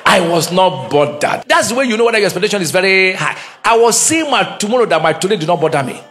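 Middle-aged man, pastor; animated sermon with call-and-response and Pidgin asides, high, lively pitch. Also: fast talker, slight background noise. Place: church.

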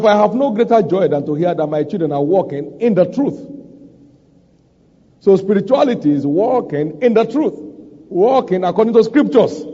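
Male preacher, high and mellow, emphatic sermon delivery, muffled recording with long reverb. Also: breathy edge. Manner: emphatic, repeats scripture lines for stress.

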